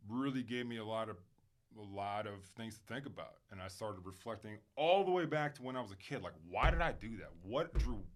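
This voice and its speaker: A man speaking candidly as a podcast guest, emphatic and animated at times, then quiet and reflective, swearing casually and using plenty of fillers. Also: on the low side, fairly quick. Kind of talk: candid conversational interview.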